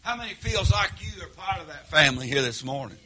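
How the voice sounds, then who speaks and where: A man preaching a sermon in church, firing rhetorical questions and swinging between loud emphatic lines and hushed asides. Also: a little high, expressive, brisk, a crowd in the background. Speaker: pastor.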